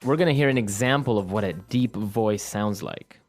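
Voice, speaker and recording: A man co-hosting an English lesson, explaining words clearly and slowly like a teacher. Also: fairly low pitch, soft background music. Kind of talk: language lesson chat.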